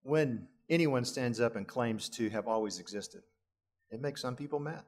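A man's voice: mid-range voice, moderate pace. A middle-aged male pastor preaching a sermon, lifting his voice for emphasis and adding chuckling asides.

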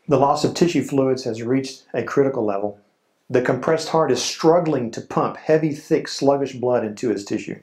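Solemn preaching man, medium pitch. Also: a little mellow. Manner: slow, solemn preaching with dramatic pauses. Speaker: pastor. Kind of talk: sermon.

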